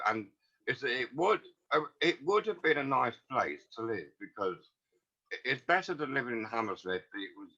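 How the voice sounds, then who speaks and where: A man's voice: fairly low pitch, sharp tone. A man, recalling the past as a guest in a rambling, earnest way. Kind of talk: casual storytelling. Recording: dull lo-fi audio.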